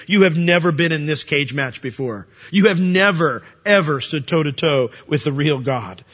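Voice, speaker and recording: A man preaching a sermon, animated, asking rhetorical questions and acting out dialogue. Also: fairly high pitch, muffled recording. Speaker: pastor.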